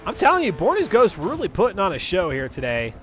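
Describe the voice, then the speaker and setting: A man's voice: sits high, huge pitch swings, quick pace, a little hiss or hum. A man commentating a live sim racing stream as host, chatty and rambling, talking to his chat viewers between calls of the race.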